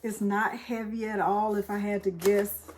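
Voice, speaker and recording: An excited woman chats casually to her viewers. She sounds emotional and grateful, her voice lifting with excitement. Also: mid-range voice, normal speed, a little hiss or hum. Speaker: craft channel host. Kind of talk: casual vlog chat.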